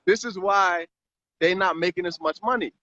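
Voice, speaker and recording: A man's voice: high-pitched, normal speed, heavy background noise. A man hosting a casual live stream chat about marketing, rambling and repeating words. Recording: dry, slightly muffled live stream audio.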